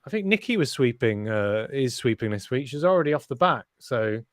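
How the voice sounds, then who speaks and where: A man's voice: mid-range voice, sing-song, brisk, no echo, clean studio sound. A man hosting a live race stream, commentating with cheeky, swearing banter.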